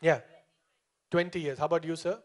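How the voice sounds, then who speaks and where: A young man performs stand-up on a live stage and talks into a handheld mic. His voice sits high, and he keeps up a punchy, teasing rhythm with the crowd. He drops into short character voices along the way. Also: fairly even intonation, fairly quick. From India. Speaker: stand-up comedian. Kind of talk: stand-up comedy. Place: comedy show stage before a live audience.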